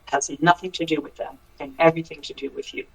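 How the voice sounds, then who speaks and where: A man's voice: on the high side, steady tone, quick pace, slightly rough, soft background music, low-quality recording. A man from the United States, a country singer, talks earnestly as a guest in a casual interview, often restarting and filling with "um" and "you know". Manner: earnest, thoughtful, many restarts and fillers.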